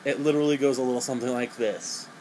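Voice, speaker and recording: A man's voice: medium pitch, steady tone, fast, darkish tone, slight background noise, rough recording. A young man giving a crude, sarcastic, rambling comedic movie review.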